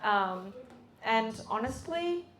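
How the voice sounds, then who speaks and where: A woman's voice: a little high, sing-song, slow pace, a bit bright. A teenage girl from the United States, an exchange student, telling her story in a casual chat, full of fillers and acting out her own reactions. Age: teens. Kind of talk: casual talk at a hosted chat.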